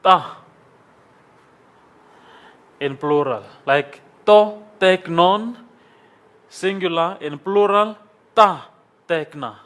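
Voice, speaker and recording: Slow, patient man teaching in class. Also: high-pitched, fairly bright tone. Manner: patient, repeats forms and checks with "okay?". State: congested from sinus trouble. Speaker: Greek language teacher. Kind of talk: classroom lecture. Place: classroom with a board.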